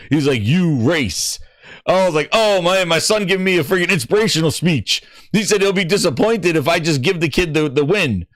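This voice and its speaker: Animated, excitable man telling a story. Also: fairly high pitch, normal speed, no room sound, clean studio sound. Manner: excitable, acts out other people's lines. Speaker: gaming podcast host.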